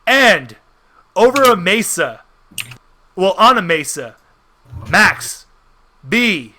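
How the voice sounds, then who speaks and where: A man's voice: sits high, very animated, slow, pushed and bright, a little hiss or hum. A man narrating a tabletop game as game master, in an easygoing way with frequent restarts.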